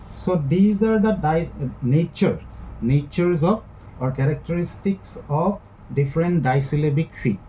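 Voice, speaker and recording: A man giving a classroom lecture, speaking in a measured way that repeats and rephrases each point. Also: on the high side, dark tone, slight background noise, rough recording. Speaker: English literature lecturer.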